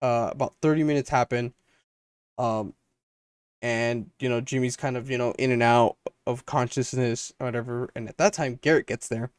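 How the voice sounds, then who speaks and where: A man's voice: medium pitch, fairly even intonation, normal speed, clear, resonant tone, dry recording, clean studio sound. A young man co-hosting a podcast, telling a long story in a rambling casual way and acting out his friends' lines. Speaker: podcast co-host.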